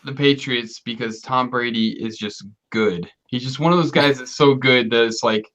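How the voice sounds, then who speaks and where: A man's voice: medium pitch, moderate pace, hardly any pauses, a bit bright, lo-fi sound. Tipsy man in rowdy banter. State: tipsy from beer. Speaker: livestream co-host. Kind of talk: casual chat.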